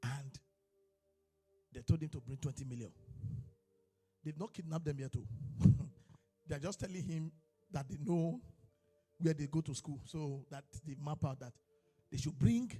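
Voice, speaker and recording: A man preaching a sermon as a pastor, moving from quiet storytelling into shouted, chanted exhortation. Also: fairly high pitch, lively intonation, a little slow, pauses often. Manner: preaching with rising shouts and chanted, sung phrasing. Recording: long hall reverb with faint music.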